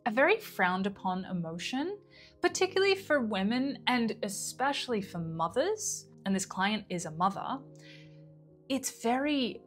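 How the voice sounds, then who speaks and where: Woman telling a story to camera. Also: medium pitch. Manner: conversational, re-enacts quotes. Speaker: mind-body coach.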